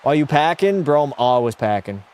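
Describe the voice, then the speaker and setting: A man's voice: mid-range voice, sing-song, moderate pace, darkish tone, smooth. A young man live-streaming a hockey video game, chatting with viewers and giving blunt, opinionated takes. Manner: opinionated, blunt, reads chat aloud. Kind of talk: casual live-stream chat. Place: home room.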